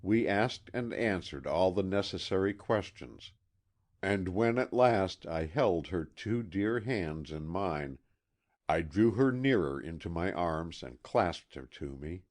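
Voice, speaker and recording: A man reading a classic mystery novel aloud as an audiobook narrator, measured and expressive. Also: low voice. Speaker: audiobook reader.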